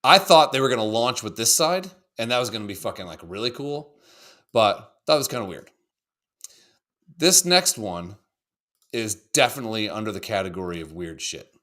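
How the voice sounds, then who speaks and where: Bright, animated man on a podcast. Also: lowish voice, moderate pace. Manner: profane, excitable, rambling. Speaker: podcast co-host. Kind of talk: casual chat reacting to videos.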